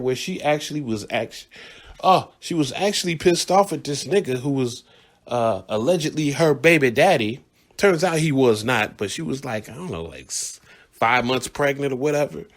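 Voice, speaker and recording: A man hosting a radio show, telling a story in a casual, blunt, profane monologue and laughing along the way. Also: a little high.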